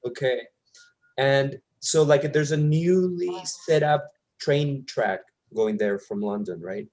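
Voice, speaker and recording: A man's voice: mid-range voice, slow, a little mellow. A man leading a casual book discussion, often checking in with tag questions like "right?".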